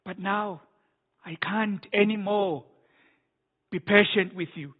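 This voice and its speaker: A man's voice: sits high, fairly even intonation, slow pace, pauses often. A male preacher, delivering an emphatic sermon with repeated words and restarts. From South Africa. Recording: phone-like narrow band.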